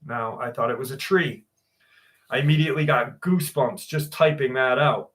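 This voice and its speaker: A man's voice: mid-range voice, normal speed, fairly bright tone. A man in his forties hosting a livestream. He chats casually, greets viewers by name, swears freely and reads listener stories aloud. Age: 40s. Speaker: livestream host.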